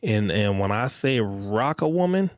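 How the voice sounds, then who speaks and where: A man's voice: lowish voice, measured pace, no echo, studio quality. A man hosting his own podcast, talking casually and bluntly in slang. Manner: blunt and profane, street slang; animated when acting out others. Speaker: podcast host. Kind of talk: casual solo podcast monologue.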